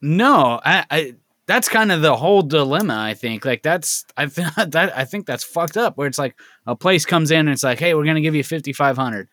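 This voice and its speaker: A man co-hosting a podcast in casual chat. He talks in a halting way, swears and often chimes in with short agreements. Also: on the high side, lively intonation, sharp tone, no room sound, studio quality. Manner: halting, profane, frequent backchannels. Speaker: podcast co-host.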